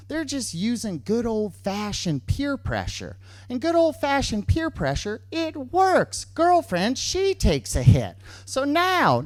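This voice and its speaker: Animated male storyteller, dry sound. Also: very high voice, dry recording. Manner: animated, repeats lines for emphasis. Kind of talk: true-story stage storytelling.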